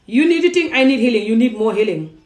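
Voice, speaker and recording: A woman's voice: on the high side, lively intonation, quick pace, darkish tone. Impassioned woman in a roomy echo. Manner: emphatic, pleading, rhetorical questions. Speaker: vlogger. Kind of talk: impassioned direct-to-camera monologue. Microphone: phone or camera facing her.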